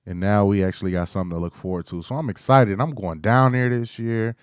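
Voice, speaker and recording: A man's voice: on the low side, steady tone, fast, smooth, dry recording, studio quality. A young man hosting a casual solo sports talk, hyped and playful, trash-talking rivals and breaking into chants. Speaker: podcast host.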